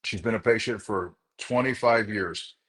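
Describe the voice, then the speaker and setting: Speaking at a normal speed in a fairly low, fairly bright voice, a man who works as a chiropractor shares a story with the group he's leading. He's earnest and encouraging, talks to them directly and repeats words to drive points home.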